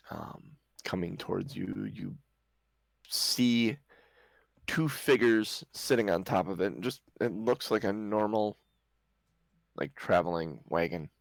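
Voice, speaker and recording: A man's voice: deep voice, animated, takes it slowly, gravelly, pauses often, no room sound, low-quality recording. A man narrating as game master for a tabletop game, hesitant with many restarts. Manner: hesitant, lots of restarts and ums.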